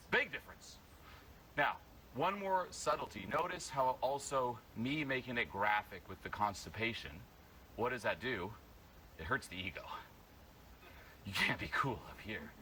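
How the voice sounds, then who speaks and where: A man coaching a live workshop audience, blunt and energetic, breaking into loud yells. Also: medium pitch, normal speed, pauses often, slight background noise, poor audio. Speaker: social confidence coach.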